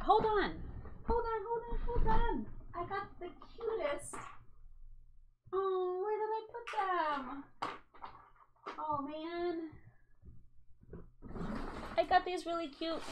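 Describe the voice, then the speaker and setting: A young woman at home chatting casually through a cross-stitch haul, rambling with asides and quick apologies. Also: high-pitched, fairly bright tone, a little hiss or hum. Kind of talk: casual chat showing a craft haul.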